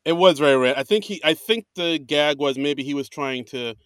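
A man's voice: on the high side, moderate pace, fairly bright tone, clear, resonant tone, no room sound, studio quality. Playful man chatting on a podcast. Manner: rambling, many fillers and restarts, playful. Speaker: podcast co-host. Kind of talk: casual chat.

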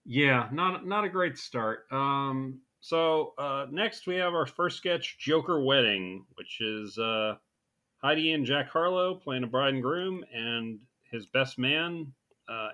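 A man's voice: mid-range voice, expressive, measured pace, sharp tone. A man co-hosting a podcast, chatting casually with a dry, blunt wit. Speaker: podcast co-host. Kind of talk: casual chat reviewing a comedy show. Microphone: remote call recording.

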